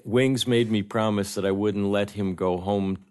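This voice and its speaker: A man, a guest film director, telling anecdotes in a lively way and acting out the lines of the people in them. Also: fairly low pitch, normal speed, clean tone. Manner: animated storyteller, acts out dialogue. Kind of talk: anecdotal storytelling.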